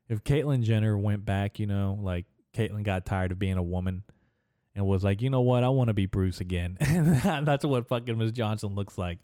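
Rambling, foul-mouthed young man with a low, mellow voice. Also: dry recording, clean studio sound. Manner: rambling, crude and profane, laughs at his own jokes. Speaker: podcast host. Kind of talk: casual solo podcast monologue.

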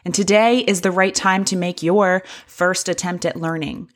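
A woman's voice: fairly low pitch, steady tone, moderate pace. A woman in her thirties hosting a motivational podcast, talking straight to the listener in an upbeat, encouraging way. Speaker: podcast host.

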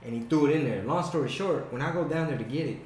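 A man chatting casually and telling stories, swearing often and animated. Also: on the high side, quick pace, a little hiss or hum. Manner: profane, animated storyteller. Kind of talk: casual chat. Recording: echoey room.

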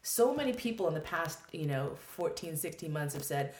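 A woman telling a candid personal story in a conversation, expressive and quick to swear, acting out her own thoughts as she goes. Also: sits low, roomy sound, a little hiss or hum. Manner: expressive, swears freely, acts out quoted thoughts. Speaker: guest.

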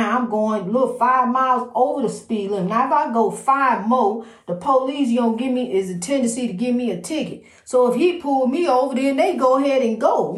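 Woman, inspirational host, preachy and repetitive, mid-pitched voice, roomy echoey sound. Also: darkish tone. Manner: preachy, repetitive, calls the listener "honey". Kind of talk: spontaneous inspirational talk. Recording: roomy echo.

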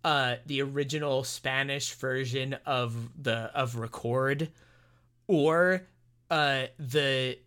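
A man co-hosting a film review podcast, retelling the plot in a rambling, animated way with many restarts and fillers. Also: medium pitch, takes it slowly, clean tone. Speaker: podcast co-host. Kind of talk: casual film review chat.

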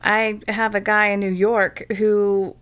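A woman's voice: mid-range voice, little pitch movement, slow pace, fairly bright tone, smooth. A woman co-hosting a casual podcast, reading a crime story aloud and breaking off with blunt, irreverent asides. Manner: irreverent, swearing, reads news then jokes. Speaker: podcast co-host.

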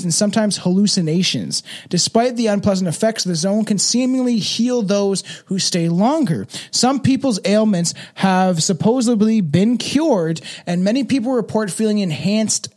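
A man's voice: sits high, a little mellow. A man hosting a casual podcast, rambling with many fillers and swearing, partly reading notes aloud. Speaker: podcast host.

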